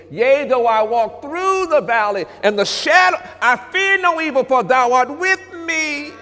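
A man preaching a sermon as pastor, moving from hushed passages to shouts and calling out to the congregation. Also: very high voice, lively intonation, a little slow, few pauses. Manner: preacherly, swings between hushed and shouted, talks back to congregation. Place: church sanctuary. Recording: long reverb of a church hall.

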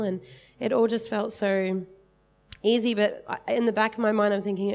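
A woman's voice: mid-range voice, fairly even intonation, brisk, creaky. A woman in her thirties giving a casual, rambling testimony in church, with many fillers.

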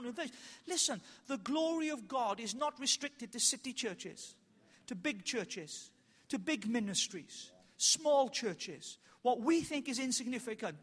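A man preaching at a conference, telling stories with animated, self-mocking humour, then slowing down for emphatic points. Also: extremely high pitch. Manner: animated, self-mocking, loud bursts and slow emphatic lines. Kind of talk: conference sermon with storytelling. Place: large hall with an audience. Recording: reverberant hall.

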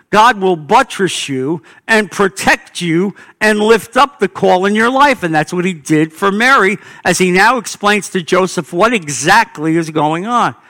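A man's voice: high-pitched, sharp tone. A middle-aged man preaching a sermon, telling stories in an earnest, emphatic way. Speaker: pastor.

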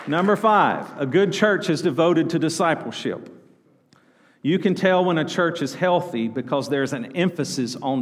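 A male pastor, preaching a sermon and calling on the congregation to answer back. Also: a little high. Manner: preaching, calls out to congregation for responses. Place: church sanctuary. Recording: long hall reverb.

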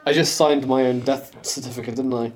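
Sarcastic podcast co-host. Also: male voice, mid-range voice, steady tone, fairly quick, soft background music. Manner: joking, sarcastic. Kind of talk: casual chat.

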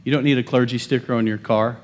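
A male pastor preaching a lively sermon, joking with the congregation and building emphasis. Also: mid-range voice, fast talker. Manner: animated, humorous preaching with rising emphasis.

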